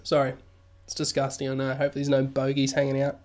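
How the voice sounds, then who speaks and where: A man's voice: mid-range voice, completely flat delivery, fast talker, darkish tone, slight background noise. A man hosting a casual crypto live stream, reading news aloud and joking with viewers through a studio mic. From Australia. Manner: jokey, chatty, reads news aloud then riffs. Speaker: crypto livestream host. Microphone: new studio mic.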